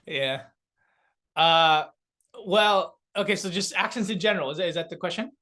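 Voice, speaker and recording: Young man, slightly high voice, animated, filler-heavy podcast guest. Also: moderate pace. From South Korea. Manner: laughing, animated storyteller with many fillers. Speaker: comedian and beatboxer guest. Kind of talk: casual podcast chat.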